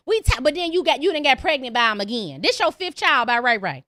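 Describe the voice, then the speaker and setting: A woman's voice: sits high, big pitch swings, brisk, noisy background. A woman hosting a call-in podcast, ranting in a blunt, profane way and repeating lines for emphasis. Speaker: podcast host. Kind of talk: opinionated call-in podcast monologue.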